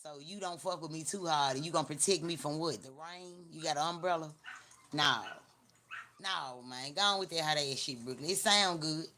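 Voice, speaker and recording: A woman's voice: low-pitched, moderate pace, pushed and bright, a little hiss or hum. A woman with a Memphis Southern accent hosting a live stream, talking in blunt, slangy, repetitive and teasing casual chat. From Memphis, Tennessee. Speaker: livestream host.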